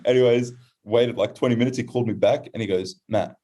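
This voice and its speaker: A young man with an Australian accent, a podcast guest, telling a story casually and putting on high voices when he quotes others. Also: quick pace. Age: young adult. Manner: animated, acts out quoted voices in high pitch.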